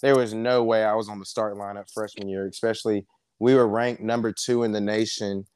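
Coach in his twenties, smooth tone, dry close recording, rambling relaxed chat. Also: on the low side, a little fast, dry recording. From South Georgia, US. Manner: relaxed storyteller, many fillers. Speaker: wrestling coach, guest. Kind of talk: casual interview chat.

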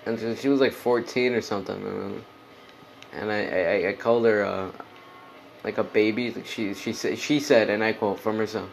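A man's voice: on the low side, fairly even intonation, normal speed, creaky, slight background noise, rough recording. A man hosting a casual solo podcast, rambling and swearing, with lots of "like" and "dude". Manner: rambling, profane, heavy on "like" and "dude". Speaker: podcast host.

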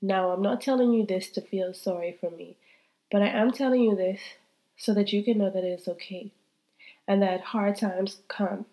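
Her voice is medium-pitched, steady and mellow, moving at an ordinary speed. She is a woman in her thirties hosting a faith-based podcast, heartfelt and candid, speaking right to her listeners with some repetition while still stuffed up from a cold.

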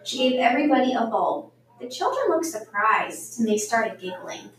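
A woman reading a children's storybook aloud in a gentle, measured way. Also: on the high side, sing-song, a little hiss or hum. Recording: echoey room, mic far off.

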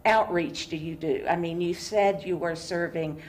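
A woman with a notably low speaking voice conducts an interview, asking open questions and giving short, encouraging replies. A faint noise hums beneath her voice. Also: steady tone, moderate pace. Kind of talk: conversational interview.

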